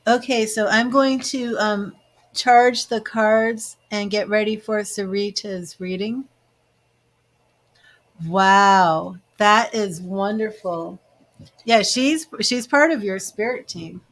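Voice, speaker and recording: Taking her time at a medium pitch, she delivers live readings as a psychic medium and tarot reader. The chat is emotional and gushing, full of filler words, with tearful moments.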